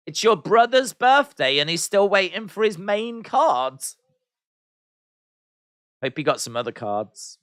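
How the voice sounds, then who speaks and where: Bright-voiced man hosting a live chat. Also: sits high, clean tone, no echo, clean studio sound. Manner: chatty, reads out and answers viewer comments; playful teasing humor. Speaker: livestream host. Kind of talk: live watch-along chat.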